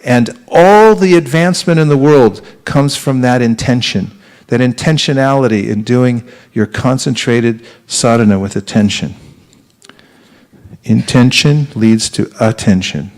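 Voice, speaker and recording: A man, a spiritual teacher, giving an earnest, conversational devotional talk to a live audience, with pauses and restarts. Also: mid-range voice, a little mellow.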